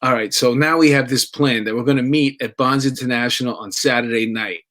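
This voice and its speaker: A man's voice: mid-range voice, steady tone, a little fast, fairly bright tone. Middle-aged New man telling a story. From New York. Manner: conversational with laughs and restarts. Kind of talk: personal storytelling.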